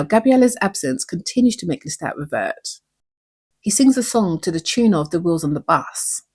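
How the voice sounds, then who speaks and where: A woman's voice: fairly low pitch, darkish tone, husky. A woman hosting her own channel, breaking down a TV episode with earnest emotion and many rhetorical questions. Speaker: YouTube show recap host.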